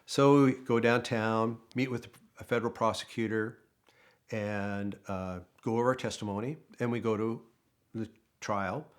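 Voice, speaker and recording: A man's voice: fairly low pitch, measured pace, clean tone. An older man, a former car dealership manager, telling a story casually and acting out the dialogue as he goes. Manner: animated storytelling, acts out quoted dialogue. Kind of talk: casual anecdote.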